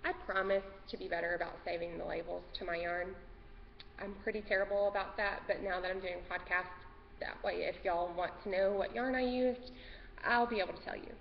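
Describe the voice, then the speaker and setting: A woman's voice: lowish voice, steady tone, a little fast, gravelly. A woman hosting a casual craft podcast from home, nervous and rambling, easily sidetracked. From Texas. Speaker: podcast host. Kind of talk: casual craft vlog chat. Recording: dull lo-fi sound with long reverb and faint noise.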